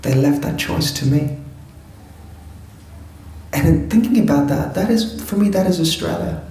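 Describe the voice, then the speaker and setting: A man's voice: mid-range voice, a little mellow, reverberant, slight background noise, rough recording. A man from Afghanistan telling his life story to an audience in an earnest, reflective way, with touches of humor.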